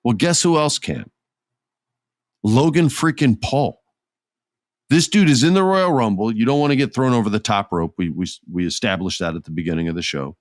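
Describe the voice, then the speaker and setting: Lively man retelling wrestling moments. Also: medium pitch, moderate pace, dry recording, studio quality. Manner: animated storytelling with character voices. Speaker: podcast host. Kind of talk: casual wrestling commentary.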